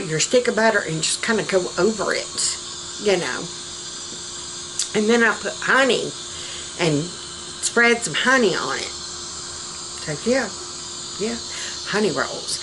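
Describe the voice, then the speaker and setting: Middle-aged Southern woman, home kitchen vlogger, folksy chatter with frequent laughs, medium pitch, faint background noise. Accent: Southern American. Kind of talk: casual cooking vlog chat.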